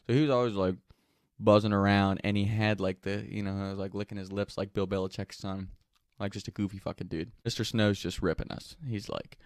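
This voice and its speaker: A man's voice: fairly low pitch, no echo, clean studio sound. Laid-back, swearing male storyteller. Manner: laid-back, profane, rambling with many fillers. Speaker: host. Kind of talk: casual storytelling.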